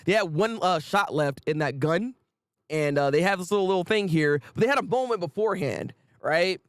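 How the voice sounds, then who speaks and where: A man runs a casual anime recap in a high, bouncy voice that swings up and down. He laughs often and acts out the characters' lines as he goes. The sound is dry and close to the mic. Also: animated, fairly quick, no room sound. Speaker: anime review host.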